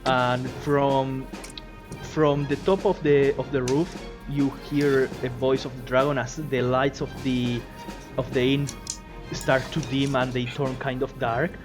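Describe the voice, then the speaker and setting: Brief: male game master, mid pitch, meandering narration, background music. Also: flat delivery, unhurried. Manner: rambling, many fillers and restarts, laughs often.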